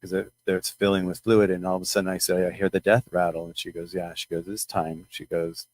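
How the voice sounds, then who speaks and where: A middle-aged man telling a personal story to his followers in a rambling, halting way, with many restarts. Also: sits low, level tone, no room sound. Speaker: channel host.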